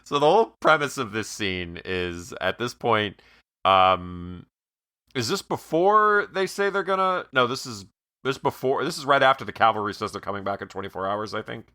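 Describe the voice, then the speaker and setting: A man's voice: lowish voice, animated, normal speed, sharp tone, no echo, studio quality. A man co-hosting a movie podcast, casually and enthusiastically retelling a favorite scene and laughing along. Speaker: podcast co-host. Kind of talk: casual movie review chat.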